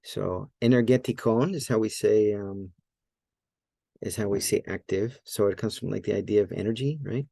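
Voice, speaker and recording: A man with a low, gravelly voice walks through a Greek grammar lesson in a loose, think-aloud way. He stops to correct himself and fills pauses with "um" and "yeah." His tone is dark and mellow, and the recording sounds dry and close. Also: dry recording. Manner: thinks aloud, self-correcting, many fillers. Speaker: Greek language teacher. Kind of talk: casual screen-share lesson.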